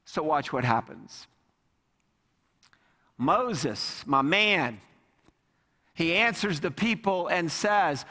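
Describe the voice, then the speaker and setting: A man preaching a sermon, animated, acting out the people in the scripture reading. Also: on the high side, unhurried. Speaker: pastor. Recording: long hall reverb.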